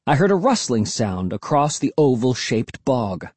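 A man reads a children's scary story aloud, with expressive storytelling. His voice is husky, moves lively in pitch, and sounds dry and close. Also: unhurried, dry recording. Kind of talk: audiobook narration.

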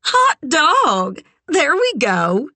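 Sugar, a woman putting on a loud bubbly young gal. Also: very animated, slow, no room sound, heavily acted. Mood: gushing. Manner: loud, high and gushing. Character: brash bubbly young woman, pushy and showy.

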